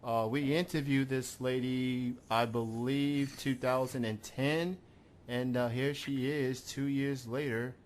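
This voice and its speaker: A man's voice: medium pitch, a little hiss or hum. Laid-back male radio host, full of uhs. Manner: relaxed, halting with many uhs. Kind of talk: casual call-in interview.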